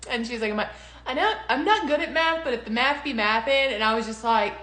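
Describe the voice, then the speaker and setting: A woman's voice: on the high side, a little fast, fairly bright tone, echoey room. A young woman in casual conversation, telling a personal story with lots of laughter and quoted voices. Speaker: podcast co-host.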